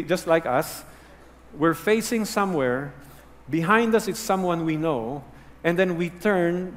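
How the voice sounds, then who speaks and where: A male pastor delivers an earnest, teaching sermon in a somewhat high voice. He sinks low and soft to press key words home. The sound carries a long echo from a large hall.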